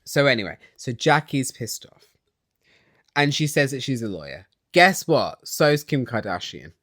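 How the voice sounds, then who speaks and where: A man's voice: mid-range voice, animated, normal speed, fairly bright tone, no echo, studio quality. Catty man recapping reality TV. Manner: catty, sarcastic, chatty. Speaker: recap vlogger. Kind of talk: casual TV recap.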